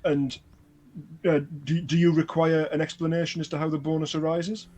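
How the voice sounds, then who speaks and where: A man playing in a tabletop game, with a voice pitched a little high. He talks in halting bits, pausing and restarting as he works out what to say. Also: level tone, a little mellow. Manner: hesitant, many fillers and restarts. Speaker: player.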